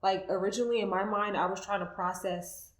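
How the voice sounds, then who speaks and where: A woman's voice: medium pitch, fairly even intonation, fairly quick. Woman, casual podcast chat, emotional storytelling, filler-heavy, echoey room. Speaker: guest co-host.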